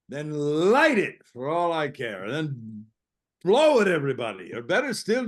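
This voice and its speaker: An exasperated yet kindly older host, read by an actor, slow-spoken with lively rises and falls in pitch. He hesitates and trips over his words, half scolding and half comforting, in a stage-play reading. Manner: hesitant, stumbling, awkwardly consoling. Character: exasperated, good-natured older male host.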